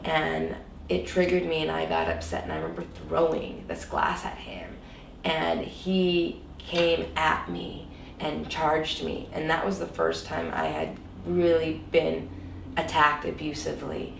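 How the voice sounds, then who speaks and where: A woman with a lowish, gravelly voice tells a painful personal story in an interview, pouring it out with lots of "like" and "you know". She sits back from the microphone in a roomy, echoing space. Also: unhurried, distant mic, slight background noise. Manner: emotional, many fillers like "like" and "you know". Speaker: interview guest. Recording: echoey room, voice set back from the mic.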